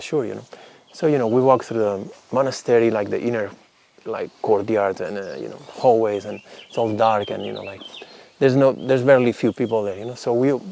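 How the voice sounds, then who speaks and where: A man's voice: on the low side, creaky, slight background noise. A man telling a personal story casually, rambling with many fillers. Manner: rambling, lots of fillers, animated when quoting others.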